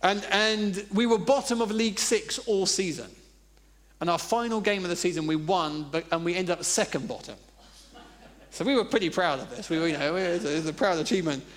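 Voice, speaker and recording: A man's voice: sits high, brisk. A man preaching a sermon, telling funny personal stories in a conversational way. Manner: conversational, humorous storytelling.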